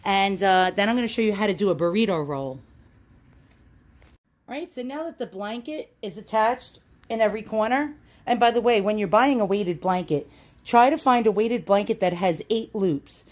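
A YouTube channel host gives a casual how-to demonstration at home while filming on a handheld phone, speaking at normal speed in an animated, mid-range voice. She's chatty and self-deprecating, full of fillers, and sometimes out of breath.

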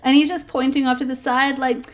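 A woman's voice: high-pitched, flat delivery, fairly quick. A woman hosting a casual toy unboxing, gushing and giggling over each cute figure.

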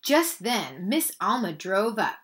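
A woman reading a children's picture book aloud, animated and expressive, speaking to young listeners. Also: mid-range voice, slow pace. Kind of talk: children's read-aloud narration.

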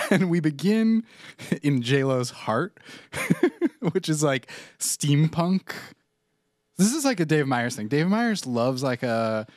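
A man with a high-ish, sing-song voice speaks slowly on a culture podcast he co-hosts, in a dry, clean studio recording. It's casual chat, and he laughs often as he describes things, using many fillers.

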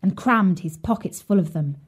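A woman narrating a children's fairy tale in an expressive storytelling voice. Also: lowish voice, moderate pace, husky.

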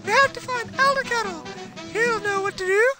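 A man voicing a frightened young cartoon boy made of a cup, in a high, strained, pleading voice over game music. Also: moderate pace.

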